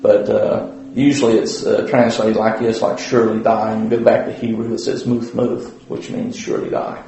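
A man's voice: lowish voice, little pitch movement, moderate pace, dark tone, slight background noise. A man giving an informal Bible lesson at church in a folksy, rambling way, with many fillers and restarts. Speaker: Bible study teacher. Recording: very echoey room.

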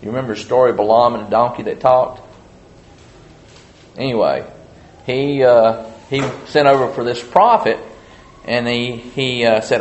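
A man's voice: mid-range voice, fairly even intonation, moderate pace, long pauses, a little hiss or hum. A man teaching a casual Bible study, telling the story in a rambling, folksy way full of "uh" and "you know".

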